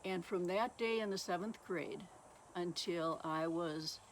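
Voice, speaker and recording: A woman author giving an earnest, measured Christian testimony and reading passages aloud from her own book. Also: on the low side, slight background noise.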